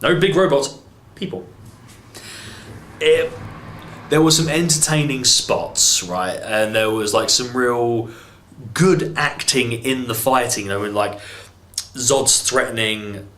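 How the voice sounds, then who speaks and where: A man's voice: medium pitch, slow, fairly bright tone, reverberant, slight background noise. An English man reviewing a film in an exasperated, sarcastic rant, swearing freely. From England. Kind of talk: ranting movie review.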